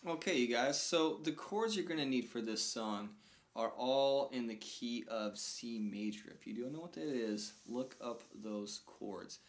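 A man's voice: medium pitch, unhurried. A man giving a casual guitar lesson, counting beats aloud and calling out chords as he plays. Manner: relaxed, counts beats aloud over strumming. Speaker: guitar teacher. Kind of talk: casual instructional talk. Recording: talk over loud acoustic guitar.

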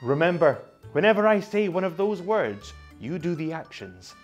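Animated man leading kids. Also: a little high, moderate pace, soft background music. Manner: animated, sing-song, coaxing call-and-response. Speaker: children's movement session leader. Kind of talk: guided movement lesson for young children.

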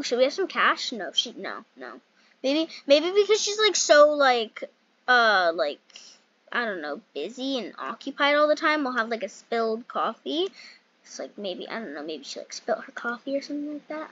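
A woman's voice: sits high, a bit bright, dry recording. A woman giving rambling, giggly, self-mocking commentary while building in a game, recorded a little muffled. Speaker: game YouTuber. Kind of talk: casual gameplay commentary.

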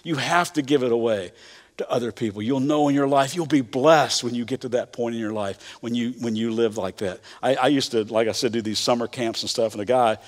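A man's voice: medium pitch, fairly even intonation, brisk, hardly any pauses. A middle-aged man with a Kentucky accent, preaching a sermon in a folksy, conversational way with frequent stammered restarts. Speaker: pastor. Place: church auditorium. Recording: church hall reverb.

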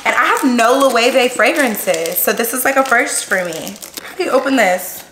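A bubbly young woman chats to her audience while she unboxes presents at home. Her somewhat high voice leaps around with excitement, full of gasps and friendly asides. The room is roomy and echoey, with clear noise underneath. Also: normal speed. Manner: excitable, gasping, chatty, addresses viewers as y'all. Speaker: vlogger. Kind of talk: casual unboxing vlog.

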